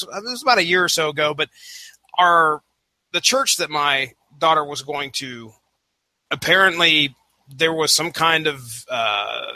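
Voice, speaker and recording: A man's voice: on the high side, bright, forceful tone, no room sound, low-quality recording. A man co-hosting a casual podcast, telling stories with many hesitations. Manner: storytelling, hesitant with fillers. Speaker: podcast co-host. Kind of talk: casual chat.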